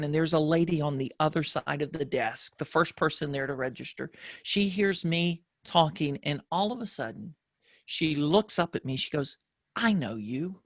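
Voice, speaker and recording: A man whose voice sits higher than most men's, telling stories in a reflective, casual conversation as a podcast guest. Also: fairly bright tone, dry recording, studio quality. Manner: reflective storyteller.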